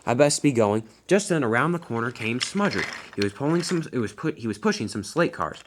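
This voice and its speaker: A man's voice: medium pitch, big pitch swings, a little fast, noisy background. A man narrating a homemade storybook, informal and slipping and restarting now and then.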